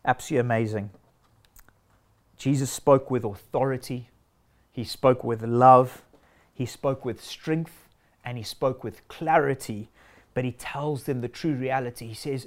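A man's voice: medium pitch, steady tone, a little slow, long pauses. A man preaching a sermon in an earnest, emphatic way, stacking short declarations.

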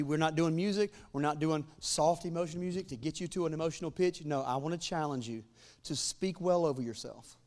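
High-voiced man preaching with fervor. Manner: rising to loud, fervent declarations; humorous asides to the congregation. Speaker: pastor. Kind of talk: sermon.

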